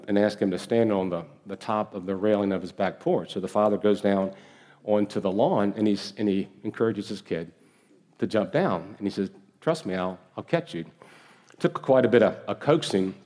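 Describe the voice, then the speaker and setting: A man preaching a sermon as pastor, earnest and emphatic, with slow deliberate pauses and repeated phrases. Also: lowish voice, dark tone. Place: church sanctuary.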